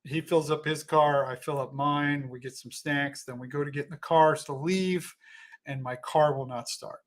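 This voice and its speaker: A man's voice: on the high side, fairly even intonation, normal speed. Rambling man telling a story. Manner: rambling, self-correcting, thanks donors mid-story. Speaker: comedian telling a story on a livestream. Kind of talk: casual storytelling.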